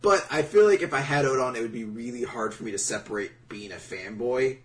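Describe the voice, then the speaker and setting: A man's voice: mid-range voice, quick pace. A man co-hosting a casual podcast, rambling with many fillers and restarts. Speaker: podcast co-host. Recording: voice a bit far from the mic.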